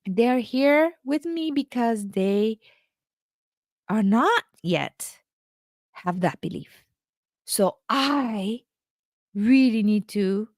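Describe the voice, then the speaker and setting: Slow-talking woman life coach. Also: mid-range voice, a little mellow, no room sound, studio quality. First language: Japanese. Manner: halting, many restarts and fillers. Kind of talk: casual storytelling monologue.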